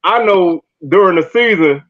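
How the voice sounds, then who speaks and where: Laughing man, high voice. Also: normal speed, narrow, tinny audio. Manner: laughs often, animated storytelling. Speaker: podcast host. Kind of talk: casual sports chat.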